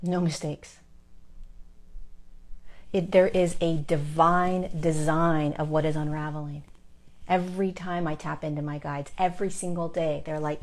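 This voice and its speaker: A woman's voice: lowish voice, normal speed, pauses often, a little mellow. Earnest, encouraging spiritual teacher woman. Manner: earnest, encouraging, repeats phrases for emphasis. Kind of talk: spiritual pep talk to viewers.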